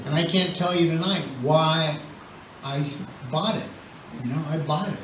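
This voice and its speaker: A man's voice: a little high, unhurried. An older man sharing his recovery story at a meeting, talking in a conversational way with wry humor. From Southern California. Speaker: AA meeting speaker. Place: meeting hall. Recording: roomy, distant, muffled with noise.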